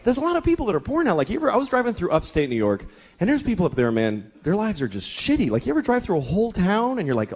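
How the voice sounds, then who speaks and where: A man's voice: sits high, huge pitch swings, very fast, a little mellow, breathy edge. A middle-aged man doing a stand-up comedy routine, telling profane, exasperated stories and acting out voices. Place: comedy club stage. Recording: live club recording with crowd laughter and noise. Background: audience laughing.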